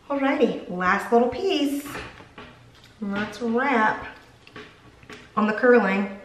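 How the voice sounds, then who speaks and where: A woman's voice: a little high, takes it slowly, long pauses, a little hiss or hum. A young woman chatting casually through a hair tutorial at home, rambling and poking fun at herself. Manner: chatty, rambling, self-mocking. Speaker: beauty vlogger. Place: home room. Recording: echoey room.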